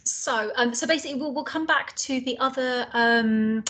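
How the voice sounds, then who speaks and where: A woman's voice: sits high, normal speed, a bit bright. Chatty Northern English woman lecturer. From Northern England. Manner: chatty, frequent ums and restarts. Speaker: teacher trainer. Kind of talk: online lecture.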